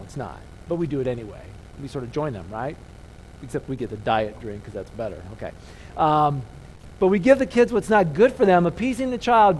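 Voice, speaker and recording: A man delivers a relaxed, conversational sermon and leads the congregation in call-and-response. His voice sits a touch higher than most men's. Faint background noise lies under the speech. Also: low-quality recording. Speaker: preacher teaching the congregation.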